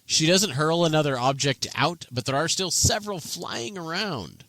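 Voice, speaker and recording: A man narrating a tabletop game as game master, in an animated, playful manner. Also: a little high, normal speed.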